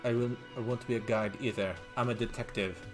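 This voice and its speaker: A man's voice: medium pitch, fairly even intonation, brisk, music in the background, natural voice. A man voicing a stern police lieutenant in a video game, speaking curtly and attempting an accent. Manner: curt and matter-of-fact, with a put-on accent.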